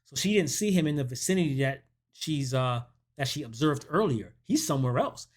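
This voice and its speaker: A man's voice: medium pitch, fairly quick. A man who hosts a movie review channel, giving a casual recap of a horror film and acting out the characters' lines as he goes. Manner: animated storytelling that acts out quoted dialogue.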